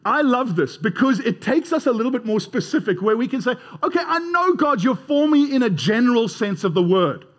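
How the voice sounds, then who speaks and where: Animated high-voiced male preacher. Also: fairly quick, few pauses. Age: 30s or older. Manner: animated, conversational, leads congregation in responses. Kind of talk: sermon.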